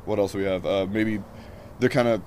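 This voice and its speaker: A man's voice: lowish voice, steady tone, normal speed, a little mellow, a little hiss or hum. A man from the United States, a passer-by on the street, musing in an easygoing, thoughtful way with some swearing. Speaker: passer-by interviewee. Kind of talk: casual street interview. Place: outdoors on a street.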